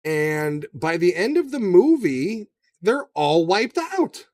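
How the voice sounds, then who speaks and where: A man's voice: high voice, slow, dry recording, clean studio sound, distant mic. Casual, profane male podcast host. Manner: profane, animated, does shouted impressions. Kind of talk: casual movie discussion.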